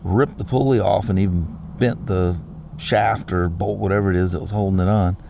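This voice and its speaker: Gravelly low-voiced man chatting casually. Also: fairly even intonation, moderate pace, noisy background. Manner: rambling, easygoing storytelling with restarts. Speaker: vlog host. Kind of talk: casual chat.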